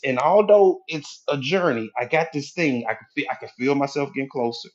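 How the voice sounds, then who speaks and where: A man's voice: mid-range voice, brisk, few pauses, highs cut off. A man giving a motivational talk in a live audio app room, speaking in a preachy, folksy way, repeating his points for emphasis. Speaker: motivational speaker, hypnotherapy coach.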